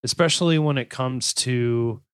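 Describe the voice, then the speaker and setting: A man's voice: medium pitch, unhurried, clean tone, no room sound. Crude joking man hosting a podcast. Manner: reads case notes, then riffs with crude jokes. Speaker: podcast host. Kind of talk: casual true-crime podcast chat.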